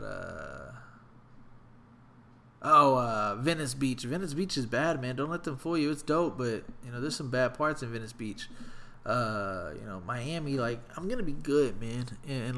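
A man telling a story in a casual, profane, animated rant. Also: mid-range voice, creaky, a little hiss or hum. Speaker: vlogger.

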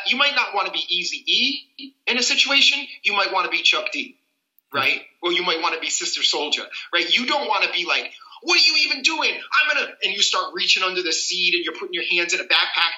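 A man's voice: high voice, fairly quick, bright, forceful tone, roomy sound, low-quality recording. A man, a civil rights attorney, explaining people's rights as a guest on a podcast. He talks earnestly and acts out little scenes as he goes.

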